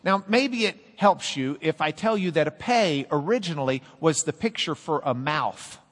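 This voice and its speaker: A man teaching a class, playful and animated, drilling the students and cracking jokes. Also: on the high side, moderate pace, in a large hall.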